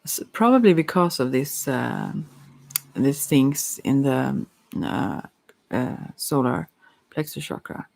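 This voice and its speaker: A softspoken ASMR psychic with Swedish as a first language, giving a halting, hesitant chakra reading while teary-eyed. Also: mid-range voice, animated, vocal fry. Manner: halting, hesitant, with many fillers. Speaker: psychic card reader.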